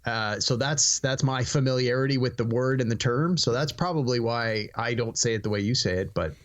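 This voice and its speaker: A man's voice: mid-range voice, brisk. A man co-hosting a podcast in casual chat, dry and teasing. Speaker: podcast co-host.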